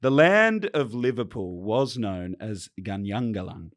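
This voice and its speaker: A man's voice: on the low side, unhurried, no room sound, studio quality. A young Australian man co-hosting a podcast, reading history notes between jokes and laughs. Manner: animated, jokey, laughs mid-sentence. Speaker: podcast co-host.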